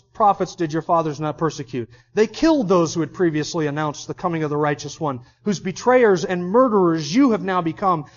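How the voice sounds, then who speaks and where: High-voiced emphatic male preacher, dull recording. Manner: emphatic, driving home points; reads scripture aloud then comments. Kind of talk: expository sermon.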